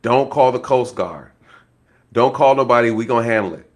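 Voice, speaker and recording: A calm, scheming older man murmurs his orders in a low, hushed voice, as a man acts him out. He sounds controlling and unhurried. His voice sits well below the performer's own pitch. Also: lightly acted.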